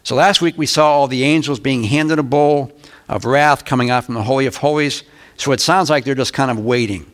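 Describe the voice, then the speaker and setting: An older man preaching a verse-by-verse Bible lesson, reading scripture aloud slowly and turning to the congregation with conversational asides. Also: medium pitch, fairly bright tone. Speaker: pastor. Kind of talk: Bible teaching sermon.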